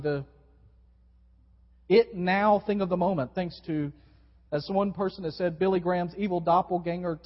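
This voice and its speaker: A man preaching a sermon to his congregation, with wide swings in pitch and volume. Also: husky. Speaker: pastor. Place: church sanctuary. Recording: dull recording in a long-reverb hall.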